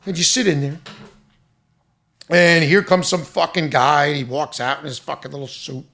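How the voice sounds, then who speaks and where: Gravelly man ranting with exasperation. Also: on the high side, fairly even intonation, moderate pace. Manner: loud, profane, exasperated, mocking imitations. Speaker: restaurant owner venting. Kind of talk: angry profane rant.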